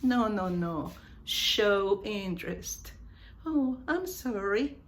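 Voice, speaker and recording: A woman teaches English at a very slow, careful pace. She says each phrase deliberately and repeats it so her learners can follow. Her pitch sits in an ordinary middle range. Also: expressive. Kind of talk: online English lesson.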